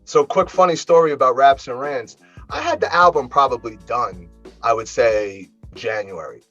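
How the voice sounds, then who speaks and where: New York rapper chatting casually. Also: male voice, mid-range voice, normal speed, muffled recording, faint music behind. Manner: animated, laughs easily, many fillers. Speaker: rapper guest. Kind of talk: casual interview chat.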